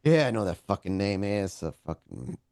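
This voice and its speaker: A man's voice: fairly low pitch, very animated, normal speed, a little mellow, dry recording, studio quality. A man voicing a blunt, distrustful, foul-mouthed male vampire in a tabletop game. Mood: gruff.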